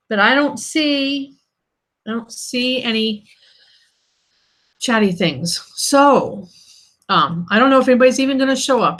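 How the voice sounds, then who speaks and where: A woman hosts her own live stream as an author, chatting casually from her desk mic. Her voice is bright and forward, and she sounds irritated and snarky while laughing things off. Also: a little high.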